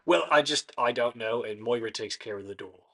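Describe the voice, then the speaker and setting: Man playing a chatty, welcoming bartender, bright voice, tabletop game. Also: mid-range voice, brisk. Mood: friendly. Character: friendly male bartender.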